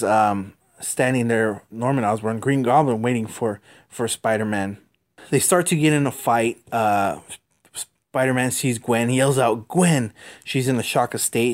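A man hosts a podcast and recaps a comic book in a casual, rambling way. He stops and restarts often and fills gaps with "uh" and "um". His voice sits at an average pitch. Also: a little mellow. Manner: rambling, halting, many fillers. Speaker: podcast host.

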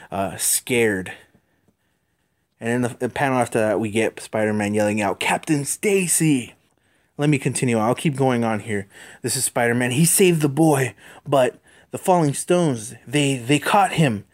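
A man casually reading a comic aloud, often stumbling, repeating words and restarting. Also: fairly low pitch. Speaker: comic book reader.

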